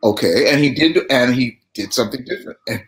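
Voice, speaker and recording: A man's voice: mid-range voice, fast, background noise. A man telling theater anecdotes as a talk show guest, acting out the quotes as he goes. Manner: animated storyteller, acts out quotes.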